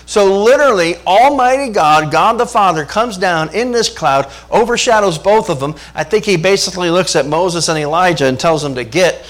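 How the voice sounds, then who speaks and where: A man preaching a sermon, animated and asking the congregation rhetorical questions. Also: sits high, normal speed, hardly any pauses. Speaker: pastor.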